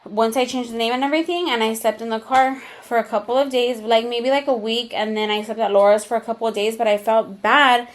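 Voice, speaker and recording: A woman's voice: on the high side, steady tone, brisk, few pauses. Candid, cursing young woman telling a story. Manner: candid and profane, mixes in Spanish slang. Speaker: podcast co-host. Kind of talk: casual storytelling chat.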